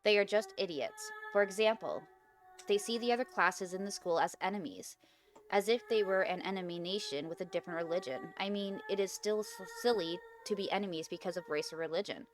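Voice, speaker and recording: A woman reading the lines of a shy, serious young girl in a flat, plain voice over faint background music. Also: medium pitch, fairly quick, natural voice. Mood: sullen.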